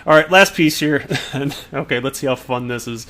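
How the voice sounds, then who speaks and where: A man's voice: medium pitch, moderate pace, a bit bright. Chatty, amused man hosting a news vlog. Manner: chatty, chuckles often, amused asides; frequent restarts and self-corrections. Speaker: crypto news channel host. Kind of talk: casual commentary on news and tweets.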